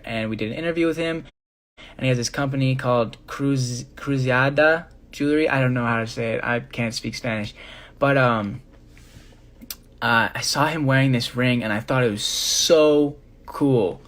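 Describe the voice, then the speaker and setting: A young man chatting casually on a live stream, rambling with many fillers as he shows his jewelry. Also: medium pitch. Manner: rambling, filler-heavy, relaxed.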